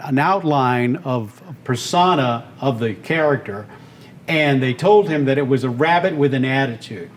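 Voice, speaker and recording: An older man, a radio and voice performer, telling stories as an interview guest with enthusiasm. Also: mid-range voice. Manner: animated, enthusiastic storyteller. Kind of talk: storytelling interview talk.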